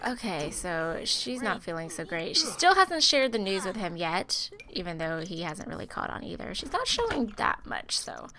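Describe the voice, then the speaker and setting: A woman who is feeling sick, giving chatty, expressive gameplay commentary and talking straight to her viewers. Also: mid-range voice, normal speed, hardly any pauses. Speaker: gaming video host.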